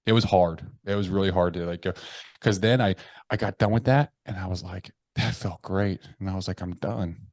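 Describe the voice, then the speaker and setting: A man telling candid personal stories in a conversation, swearing freely and acting out his inner voices, dropping quiet when he confesses. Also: low voice, fast, dry recording, studio quality. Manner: animated, profane, acts out his inner voices. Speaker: podcast guest.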